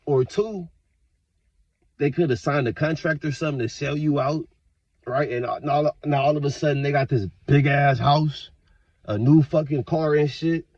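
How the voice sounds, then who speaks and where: A man talking straight to his viewers in a casual, profane, rambling rant, with sudden loud outbursts. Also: fairly high pitch, moderate pace, no room sound, lo-fi sound. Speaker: vlogger. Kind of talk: casual monologue to camera.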